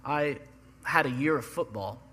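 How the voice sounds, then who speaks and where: A man's voice: mid-range voice, measured pace, pushed and bright, a little hiss or hum. A man preaching a sermon as pastor, earnest and building emphasis through repetition. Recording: long hall reverb.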